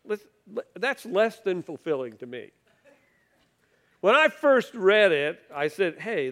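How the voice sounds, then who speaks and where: Guy preaching a sermon, high clear voice, reads scripture then chats about it kinda wry, gets folks to say it with him. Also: fairly bright tone. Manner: conversational, wry preaching that asks the congregation to read along.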